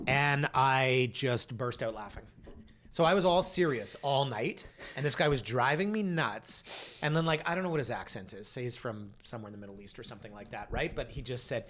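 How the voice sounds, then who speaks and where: A Canadian man co-hosting a real estate podcast, telling stories in an animated, joking way and acting out the people he quotes. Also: a little high, brisk. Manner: animated, acts out dialogue in quoted voices. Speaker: realtor and co-host. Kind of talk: casual podcast storytelling.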